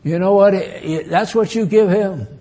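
A man's voice: high voice, normal speed, mellow. An older man preaching a folksy sermon, bantering with the congregation and chuckling at his own asides.

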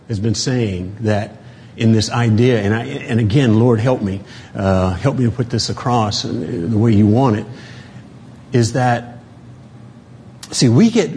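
A man's voice: mid-range voice, a little mellow, breathy edge. A man giving an informal sermon to a small congregation, talking conversationally, acting out the voices he quotes and chuckling often. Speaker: lay preacher.

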